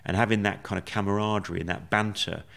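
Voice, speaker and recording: A man with a very low voice talks through his story as a podcast guest. He speaks in a measured, reflective way and often pauses on fillers. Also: steady tone, vocal fry, fairly bright tone. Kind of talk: conversational storytelling.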